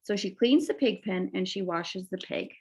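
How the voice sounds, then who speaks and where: A woman teacher reading a children's picture book aloud, expressive, adding little asides to young listeners. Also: mid-range voice, moderate pace, slightly rough. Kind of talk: children's storybook read-aloud.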